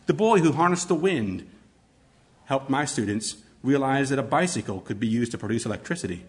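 A man teaching fellow educators how to read stories aloud, with an expressive, demonstrative delivery. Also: medium pitch, brisk, a little hiss or hum. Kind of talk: instructional talk on read-aloud storytelling.

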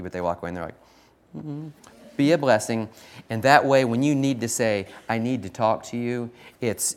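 A middle-aged man with a fairly low voice delivers a church talk about teaching, built on personal stories. He is animated and self-deprecating, laughs often, and slips into the voices of the people in his stories. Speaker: choir teacher speaking to a church audience. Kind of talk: sermon-style talk with anecdotes.

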